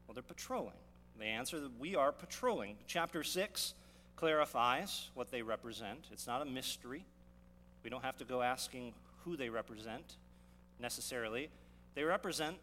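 Man preaching a sermon, teaching tone, rhetorical questions, mid pitch, long hall reverb, faint hum. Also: pushed and bright. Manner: teaching, asks rhetorical questions, restarts and self-corrections. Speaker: pastor.

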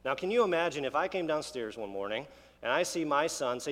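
A man's voice: on the high side, animated, a little fast, a bit bright, in a large hall. A man preaching a sermon in a conversational, emphatic way, with asides and restarts. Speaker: pastor.

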